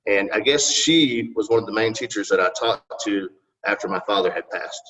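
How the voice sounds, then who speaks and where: A man's voice: on the low side, moderate pace, fairly bright tone. A middle-aged man, a city council candidate answering interview questions in a rambling, folksy and polite way. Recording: distant, muffled recording.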